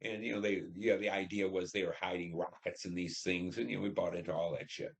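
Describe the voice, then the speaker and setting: A man's voice: low voice, flat delivery, quick pace. An older man telling his war experiences in an oral history interview, acting out dialogue as he goes. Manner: vivid storytelling, acts out radio dialogue. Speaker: Vietnam veteran interviewee.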